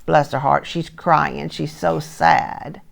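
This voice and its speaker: Older storyteller woman, retired teacher type; gentle picture-book reading, low gravelly voice. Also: fairly even intonation, slow pace. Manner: gentle, asks listeners soft questions.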